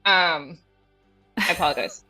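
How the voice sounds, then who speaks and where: A woman's voice: fairly low pitch, unhurried, bright, forceful tone, low-quality recording. A young woman co-hosting a paranormal live stream in casual, giggly chat with self-deprecating asides. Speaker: paranormal podcast co-host. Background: faint rock music.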